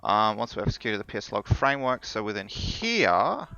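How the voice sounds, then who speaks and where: Rambling man, gravelly voice. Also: on the low side, big pitch swings, normal speed, bright, forceful tone, no room sound, lo-fi sound. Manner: rambling, laughs often, many fillers and restarts. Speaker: live-coding streamer. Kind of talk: casual chat while live coding. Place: home office.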